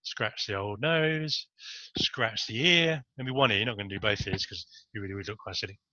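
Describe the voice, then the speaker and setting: A man's voice: fairly low pitch, normal speed, muffled recording, noisy background. A man giving a casual, rambling talk to camera on body language, with jokey asides.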